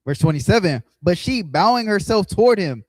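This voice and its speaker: A man's voice: sits high, very animated, brisk, a little mellow, no room sound. Man reading old scripture aloud. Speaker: scripture reader.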